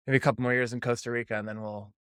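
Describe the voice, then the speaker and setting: A man's voice: medium pitch, flat delivery, rapid-fire, a bit bright, smooth, no echo, studio quality. A man hosting a podcast, asking questions in a chatty, encouraging way with small restarts. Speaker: podcast host. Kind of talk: casual interview talk.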